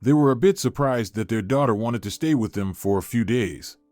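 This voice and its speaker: A man reading a dramatic story aloud in an even, measured storytelling manner. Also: mid-range voice, dry recording, faint music behind. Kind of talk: scripted story narration.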